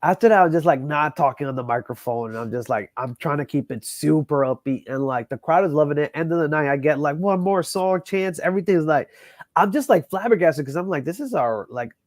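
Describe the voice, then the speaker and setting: Man, wedding DJ, animated profane storytelling, says bro a lot, fairly high voice, dry close sound. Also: fairly quick, dry recording. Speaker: wedding DJ guest. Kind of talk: casual storytelling chat.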